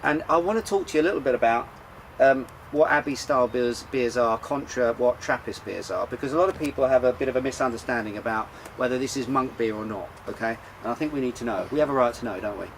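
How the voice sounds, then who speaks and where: A man's voice: medium pitch, fast talker, a little hiss or hum, rough recording. A man hosting a casual beer show outdoors, talking in a rambling, chatty way with lots of fillers and restarts. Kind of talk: casual chat about beer. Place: outdoors in sunshine.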